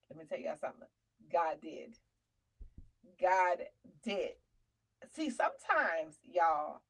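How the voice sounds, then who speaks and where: A woman comedian and show host telling a funny personal story, chatty and animated, calling listeners honey and slipping into faith testimony. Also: on the high side, low-quality recording. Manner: testimony-style preaching about faith.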